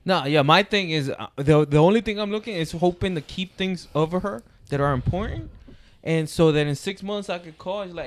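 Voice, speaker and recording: A man's voice: high-pitched, a little fast. A man co-hosting a casual podcast chat who laughs often and throws questions to the group. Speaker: podcast co-host.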